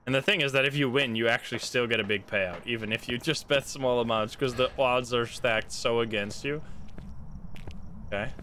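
A man's voice: medium pitch, normal speed, sharp tone, a little hiss or hum. A man streaming gameplay live, talking to his chat, swearing and laughing at his own bad luck. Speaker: streamer playing a ghost-hunting game.

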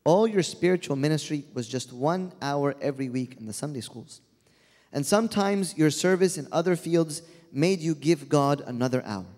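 A man voicing a gentle male angel who patiently reasons and consoles. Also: fairly high pitch, moderate pace, natural voice. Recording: long hall reverb.

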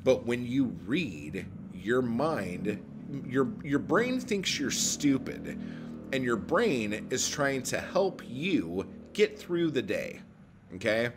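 A man's voice: medium pitch, sing-song, slow, music in the background. A man talking casually about writing craft, blunt and profane, rambling with lots of filler words. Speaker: poet giving writing advice. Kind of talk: casual talking-head vlog.

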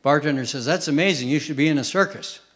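A man performing a stand-up comedy routine on a stage, telling short jokes and dropping punchlines in a deadpan way. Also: a little high, fast. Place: theater stage with live audience. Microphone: stage microphone.

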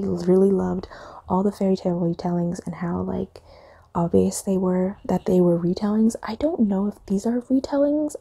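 A young woman rambles chattily to her camera in a dark, mellow tone. Her voice is gravelly and husky, with fillers as she drifts from thought to thought. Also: mid-range voice. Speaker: reading vlogger. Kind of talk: casual chat.

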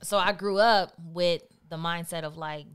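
A woman's voice: fairly low pitch, steady tone, a little slow, smooth. A woman co-hosting a casual couple's chat, talking bluntly and with lots of swearing, acting out old arguments. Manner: blunt, profane, acts out past arguments. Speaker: co-host.

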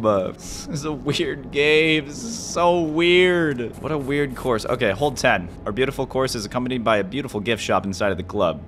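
A man talks through a video game in a loose, casual way, muttering to himself between sudden yelps. His pitch swings widely, so he sounds animated and easily startled. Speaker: gaming video host. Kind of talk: casual gameplay commentary.

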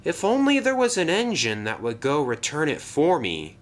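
A man voicing a cheeky prankster steam engine in a lifted, sly, quick voice. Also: a little high, huge pitch swings, pitched above the performer's own voice.

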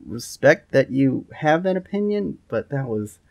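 A man hosting a casual gaming podcast in an animated style that swears casually. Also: mid-range voice, a little slow, vocal fry, lo-fi sound. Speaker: podcast host.

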